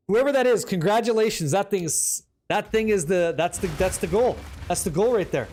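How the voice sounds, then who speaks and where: A man's voice: high voice, a little hiss or hum. A man streaming a game, chatting casually with his viewers, joking and swearing freely as he reads the chat. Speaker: livestream gamer.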